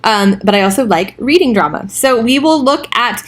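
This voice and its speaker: A college English instructor, a woman with a somewhat high voice, records a casual overview of the week's module. She talks in an informal, chatty way, with fillers and offhand asides. The sound comes through a computer mic as she records her screen. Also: expressive, normal speed.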